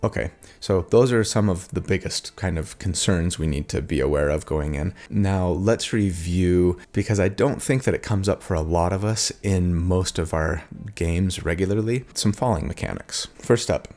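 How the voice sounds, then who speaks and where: Male channel host with a deep, low voice; earnest, chatty rules explainer who keeps checking in with listeners. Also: moderate pace, a little mellow. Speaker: host of a tabletop game build channel. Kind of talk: explanatory video talk.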